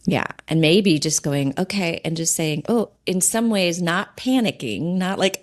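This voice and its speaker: Gentle low-voiced woman coach. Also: expressive, a little slow, few pauses. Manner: gentle, reassuring, acts out inner voices. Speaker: sobriety coach and podcast host. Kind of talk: conversational podcast coaching.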